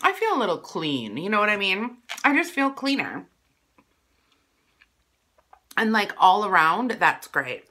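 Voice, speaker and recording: A woman's voice: mid-range voice, huge pitch swings, moderate pace, sharp tone. A woman from Wisconsin chatting casually to her viewers while eating lunch, rambling between bites. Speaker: vlogger. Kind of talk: casual mukbang vlog chat.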